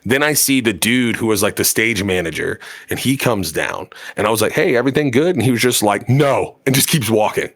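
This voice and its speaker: A man's voice: lowish voice, expressive, a little fast, few pauses, fairly bright tone. A man co-hosting a podcast, telling a story in casual chat, rambling and full of fillers and swearing. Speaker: podcast co-host.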